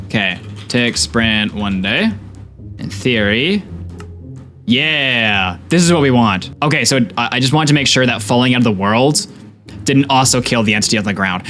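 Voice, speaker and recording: A young man giving live gameplay commentary to his chat, excitable and swinging between tense pleading and cheering. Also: medium pitch. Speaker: gaming streamer.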